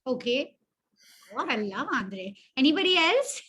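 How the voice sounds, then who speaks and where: Woman workshop mentor, high voice, conversational and self-mocking, draws the audience in. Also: sing-song, unhurried, a bit bright, slightly rough. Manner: chatty, self-deprecating, asks the audience questions. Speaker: webinar mentor. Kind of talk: interactive online workshop teaching.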